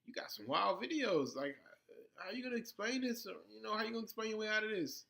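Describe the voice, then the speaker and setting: A man's voice: high-pitched, animated, quick pace, vocal fry, sharp tone, pitched above the performer's own voice, heavily acted. A man putting on the voice of a doubting viewer who questions his videos in disbelief. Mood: incredulous. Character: doubting viewer, adult, skeptical.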